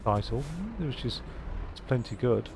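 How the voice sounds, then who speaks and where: A man's voice: medium pitch, a little slow, gravelly, background noise. A man rambling casually as he streams a truck-driving game, with self-mocking asides. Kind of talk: casual live-stream commentary.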